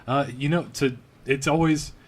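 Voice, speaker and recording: A man from Louisiana co-hosting a casual sports podcast, rambling and joking as he thinks out loud. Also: on the high side, steady tone, normal speed. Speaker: podcast co-host.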